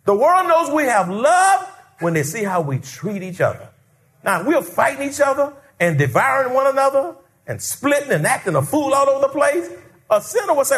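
A male pastor preaching a sermon, animated and conversational, acting out quotes and calling out to the congregation. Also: very high voice, a little fast. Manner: animated, call-and-response preaching with acted-out quotes.

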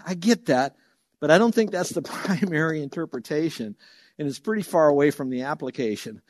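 Animated preacher man, dry close sound. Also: fairly high pitch, fairly quick, no echo. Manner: animated storytelling, acts out voices loudly. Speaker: pastor. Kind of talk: sermon.

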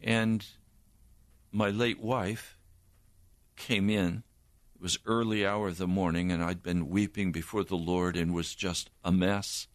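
An older man recounts a personal testimony with slow, deliberate earnestness. His voice sits somewhat low, and the sound is close and dry. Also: flat delivery, no echo. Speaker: preacher.

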